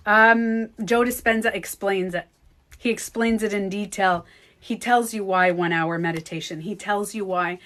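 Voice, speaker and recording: A woman chatting casually on a livestream, animated and laughing often, acting out her own thoughts. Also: mid-range voice. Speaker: beauty coach and vlogger.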